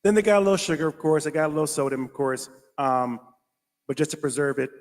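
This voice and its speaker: Brief: male host, fairly high voice, excitable label-reading commentary, long room reverb. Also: fast. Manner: animated, reads food labels aloud, exclaims. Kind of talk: casual reaction commentary.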